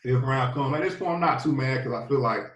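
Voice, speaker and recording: A relaxed man in his thirties with a Southern US accent tells a long story in an easy, rambling way, full of fillers. His voice sits in a middle range. He sounds a little far from the mic in a roomy, echoing space. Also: mid-range voice, quick pace. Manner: laid-back, rambling, many fillers. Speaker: podcast guest, former football player. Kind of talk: casual storytelling interview. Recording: echoey, a bit distant from the mic.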